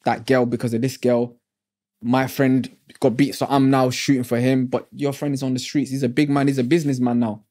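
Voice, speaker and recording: A man's voice: mid-range voice, flat delivery, a little fast, darkish tone. A man hosting a casual interview, talking in a reflective, preachy way with street slang. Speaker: podcast host.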